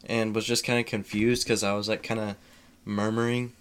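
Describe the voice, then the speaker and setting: A man's voice: on the low side, normal speed, smooth. A young man in casual chat, telling a funny story with frequent laughs. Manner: laughs often, animated storytelling.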